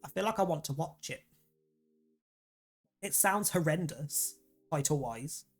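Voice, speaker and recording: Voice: medium pitch, expressive, a little slow, husky, soft background music. A streamer reading a dating game aloud and commenting in a casual, sweary, self-deprecating way.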